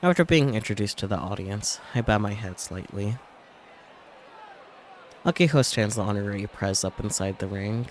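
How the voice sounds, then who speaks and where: A man's voice: fairly low pitch, moderate pace, pauses often, slight background noise. A male streamer reading a visual novel aloud, with casual asides between the lines. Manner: reads narration, breaks off for casual asides. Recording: game music playing under the voice.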